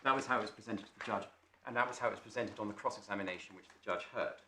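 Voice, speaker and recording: Male barrister, formal, measured submissions; echoey courtroom. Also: on the low side, pushed and bright. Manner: measured, formal, with small restarts. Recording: echoey courtroom, faint noise.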